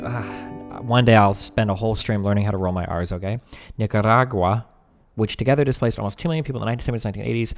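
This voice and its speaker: A young man doing casual live-stream commentary, reading text aloud fast and breaking off to chat, joke and swear. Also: lowish voice, darkish tone, big-room sound, soft background music.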